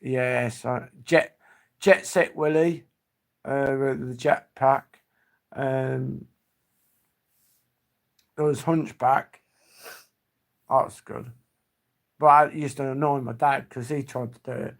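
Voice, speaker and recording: A man with a gravelly voice, hosting a live stream and chatting loosely. He rambles from memory to memory, his sentences trailing off as he goes. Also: medium pitch, fairly even intonation, takes it slowly, long pauses. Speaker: livestream host. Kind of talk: casual reminiscing chat.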